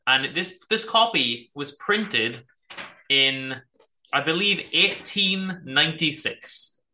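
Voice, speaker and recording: A man co-hosting a casual book podcast, telling stories with animated read-aloud quotes. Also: on the high side, takes it slowly, a little hiss or hum. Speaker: podcast co-host.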